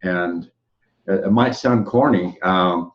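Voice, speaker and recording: A man talking casually in a halting way, with many fillers and repeated words. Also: deep voice. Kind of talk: casual conversation. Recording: dull lo-fi sound.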